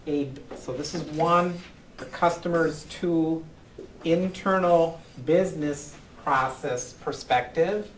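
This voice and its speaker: Male instructor, classroom lecture, slow unhurried pace, halting with frequent ums. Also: on the high side, a little hiss or hum, low-quality recording. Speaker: college accounting instructor.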